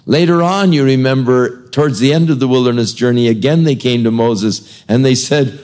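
A man's voice: mid-range voice, moderate pace, hardly any pauses, a little mellow. A man preaching an expository sermon in a conversational, storytelling manner. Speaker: pastor.

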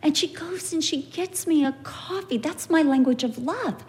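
A middle-aged woman with a high, light voice gives a Bible talk. She keeps it chatty and tells stories with energy, slipping into the voices of the people she describes. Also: normal speed, a little hiss or hum. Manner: animated storytelling, acts out quoted people. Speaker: Bible teacher. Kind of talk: conversational Bible teaching with anecdotes.

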